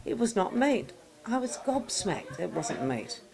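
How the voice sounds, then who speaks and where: An Australian woman talks with a guest's chatty, effusive flow, tossing in local slang. Her voice sits at an ordinary middle pitch, and she speaks at an easy, conversational pace. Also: big pitch swings, a little slow, gravelly, a crowd in the background. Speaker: party guest being interviewed. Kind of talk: casual interview chat. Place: indoor evening party.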